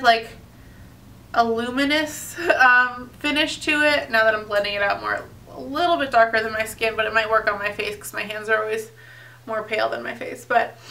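A bright, high-voiced young woman talks on a beauty vlog, gushing over products and correcting herself as she goes. She sounds a little distant from the camera mic. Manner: chatty, gushing, many fillers and self-corrections. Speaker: beauty vlogger. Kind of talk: casual product review vlog.

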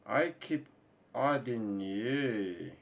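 A man streaming a mobile game live, loudly taunting other players and laughing, then muttering quietly to himself. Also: medium pitch, lively intonation, very slow, creaky, muffled recording. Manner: loud taunting trash talk with laughter, then quiet mumbling. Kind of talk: live gaming stream chat.

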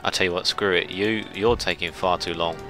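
A man giving chatty, self-mocking let's play commentary, shouting orders at his ships when excited. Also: low voice, a little fast, music in the background. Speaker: gameplay commentator.

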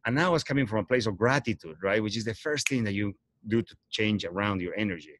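A man's voice: fairly low pitch, animated, fast talker, a bit bright, dry recording. Earnest, rambling man. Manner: earnest, rambling with restarts and self-corrections. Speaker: host. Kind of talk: casual livestream talk.

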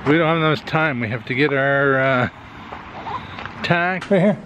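A man's voice: fairly high pitch, measured pace, noisy background. A man, chatting casually as a vlogger at a horse barn. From Canada. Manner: chatty, explains as he goes. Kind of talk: casual vlog talk.

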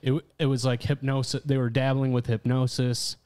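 A man's voice: medium pitch, level tone, darkish tone, clean tone. A man co-hosting a podcast in casual chat, swearing freely and often restarting sentences. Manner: chatty, profane, halting restarts. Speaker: podcast co-host.

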